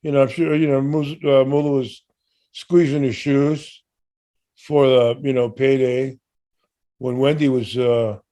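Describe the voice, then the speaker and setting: An older man talks at an ordinary middle pitch, easygoing and unscripted. He rambles and stalls, circling back with fillers and restarts as he works through an answer. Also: little pitch movement, measured pace, dark tone. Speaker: podcast co-host answering fan questions. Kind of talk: casual chat.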